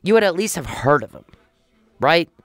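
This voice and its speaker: A woman's voice: low voice, sing-song, moderate pace, no room sound. Indignant woman podcaster, dry and close. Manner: chatty, indignant, retells conversations with quoted dialogue. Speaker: podcast host. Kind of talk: casual monologue recounting events.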